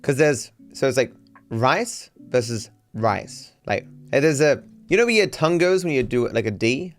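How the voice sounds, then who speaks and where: A man's voice: medium pitch, expressive, moderate pace, faint music behind. A man with an Australian accent chatting casually on a live stream, rambling and sounding out words to demonstrate them.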